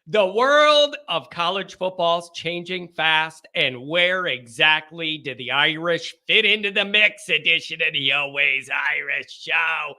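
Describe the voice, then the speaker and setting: A man with a hoarse, sick voice and a sore throat, hosting a sports call-in show in a chatty, self-deprecating, rambling way. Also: a little high, animated, a little slow, hardly any pauses, pushed and bright. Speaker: host.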